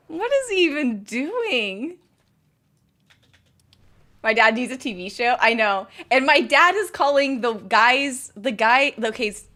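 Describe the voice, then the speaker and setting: A woman streamer chatting casually, telling a story in an excitable, giggly way. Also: a little high. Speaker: game streamer. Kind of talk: casual chat.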